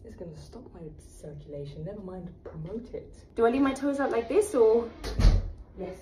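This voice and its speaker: A woman vlogging to her phone camera in a hospital room, talking expressively and often dropping to a hushed whisper. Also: medium pitch, sing-song, moderate pace, background noise. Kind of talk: casual vlog talk to camera. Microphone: phone camera propped nearby.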